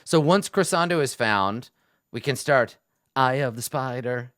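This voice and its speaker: A man's voice: medium pitch, expressive, unhurried, fairly bright tone, no echo, clean studio sound. A man talking as game master, planning a tabletop adventure aloud, thinking things through with restarts. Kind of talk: casual session prep talk.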